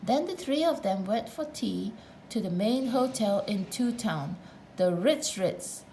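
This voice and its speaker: A woman's voice: mid-range voice, animated, unhurried, dark tone, slight background noise, rough recording. A woman narrating a children's storybook aloud, with playful asides to the listener.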